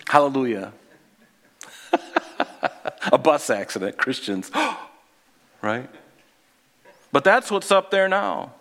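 Conversational, fairly high-voiced male pastor. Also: very animated, takes it slowly, pauses often, fairly bright tone. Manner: conversational preaching, asks the congregation questions and jokes. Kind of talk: sermon.

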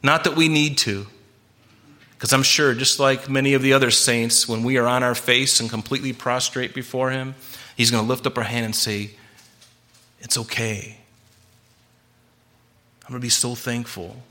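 Bright-voiced man preaching with emphasis. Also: mid-range voice, steady tone, normal speed. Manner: earnest, emphatic preaching with repeated restarts. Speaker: pastor. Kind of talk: sermon.

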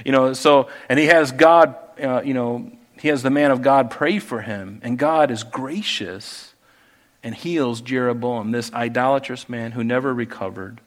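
A man preaching a verse-by-verse Bible study, reading passages aloud and explaining them with lively emphasis and quieter asides. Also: mid-range voice, unhurried. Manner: animated, swings between loud emphasis and quiet asides. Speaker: pastor. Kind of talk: expository Bible teaching.

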